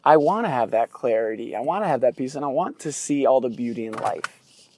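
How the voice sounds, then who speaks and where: A man's voice: mid-range voice, fairly quick, a little hiss or hum. A podcast host retelling stories in a casual monologue and acting out the people he quotes. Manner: animated retelling, acts out quoted voices, laughs at himself. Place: in a vehicle during a commute.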